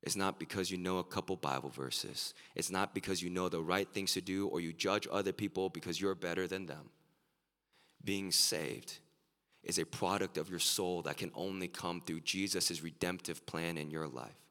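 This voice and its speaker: A man preaching an earnest sermon as a pastor, his voice turning excited and emphatic at times. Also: deep voice, brisk, hardly any pauses. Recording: live sermon with long hall reverb.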